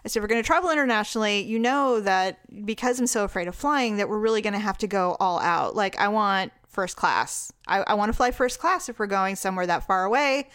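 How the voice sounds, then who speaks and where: A woman's voice: mid-range voice, brisk, few pauses, fairly bright tone, clean tone, dry recording, studio quality. A woman in her late forties, chatting casually and laughing often, self-mocking and talkative. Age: 40s. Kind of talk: casual chat.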